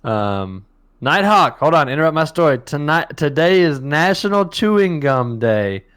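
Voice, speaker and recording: A man in his thirties co-hosting a casual online morning show, energetic and joking, often laughing. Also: a little high, a little slow, clean tone. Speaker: co-host.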